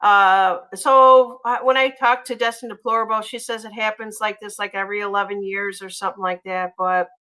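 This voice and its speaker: A woman hosting a casual livestream, chatty and gushing, often pausing on ums and uhs as she reads viewer comments. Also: medium pitch, steady tone, pushed and bright, poor audio. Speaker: livestream host.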